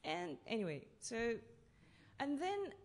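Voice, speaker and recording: A woman from Russia, telling stories as a playwright on a festival panel, halting and full of fillers. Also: a little high, huge pitch swings. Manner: halting, with many fillers and restarts. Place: festival talk session in a hall.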